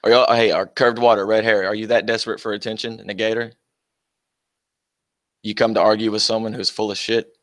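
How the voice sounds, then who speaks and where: Young man, livestream host, low voice, dry close sound, mocking, profane, combative, laughs a lot. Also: flat delivery, a little fast, pauses often, fairly bright tone, no room sound. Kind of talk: casual livestream, reading and answering chat.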